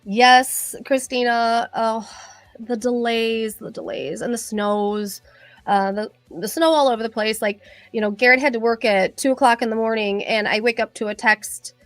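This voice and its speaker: A middle-aged woman, a cosmetologist chatting with viewers on a live stream, excitable and rambling with many fillers. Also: fairly high pitch, normal speed, no echo, faint music behind. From Michigan. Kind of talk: casual live-stream chat.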